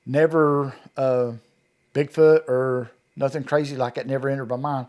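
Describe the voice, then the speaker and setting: A middle-aged Kentuckian with a slightly mellow, mid-range voice tells what he witnessed in a storytelling interview. He narrates in a folksy, rural manner and acts out people's words.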